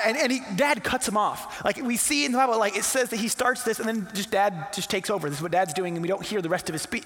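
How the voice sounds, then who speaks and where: A man's voice: high voice, fast talker, hardly any pauses, fairly bright tone. A man, a pastor, telling a Bible story in a casual, playful sermon that acts out the characters. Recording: long hall reverb.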